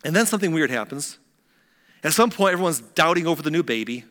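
A man preaching a sermon, retelling a scripture story and swinging between animated, louder passages and hushed, quiet ones. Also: a little high, fast, in a large hall.

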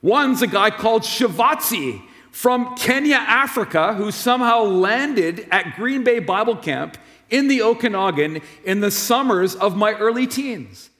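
Male pastor with a high voice, friendly and conversational from the pulpit, long church reverb. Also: expressive, measured pace, sharp tone. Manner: friendly, conversational preaching with personal stories. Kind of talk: sermon. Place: church sanctuary.

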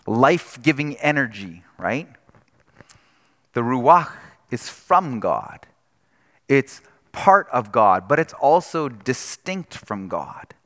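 A man's voice: on the high side, fairly bright tone, long reverb tail. A man preaching a sermon in a conversational, explanatory way, often checking in with his listeners with "right?". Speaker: pastor.

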